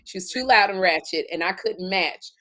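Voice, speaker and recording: A woman's voice: medium pitch, moderate pace, bright, forceful tone. A woman co-hosting a comedy talk show, telling a funny story and acting out scenes in exaggerated voices. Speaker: podcast co-host.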